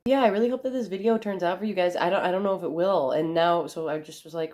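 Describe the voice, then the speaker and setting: A woman's voice: lowish voice, fast, darkish tone. A young woman rambling casually to camera at home, swearing freely as she chats. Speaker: vlogger. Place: family room at home.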